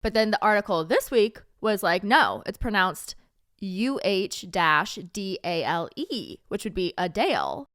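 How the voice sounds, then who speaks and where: A woman co-hosting a casual chat podcast, talking fast with quick asides and frequent laughs. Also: medium pitch, expressive, a bit bright, no room sound, clean studio sound. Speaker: podcast co-host.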